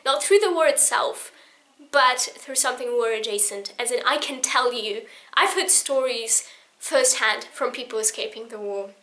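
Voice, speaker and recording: A young woman in her twenties from Poland, speaking in an earnest, emotional personal vlog. She rambles a little and restarts her sentences often, in a slightly higher than average voice. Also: normal speed, a bit bright. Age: 20s. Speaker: vlogger.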